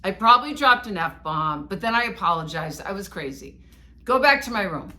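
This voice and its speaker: A woman co-host recounts a personal story in casual chat. Her voice is bright and forceful, and her pitch swings widely as she pokes fun at herself. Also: moderate pace. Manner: animated, self-mocking storyteller. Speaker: podcast co-host.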